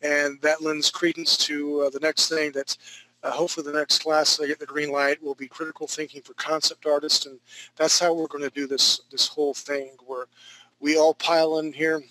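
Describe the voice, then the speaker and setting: A man's voice: fairly high pitch, flat delivery, normal speed, bright, forceful tone, low-quality recording. A man teaching a live online drawing class from home, talking loosely and jokingly as he thinks aloud while he draws. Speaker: drawing instructor. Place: home studio.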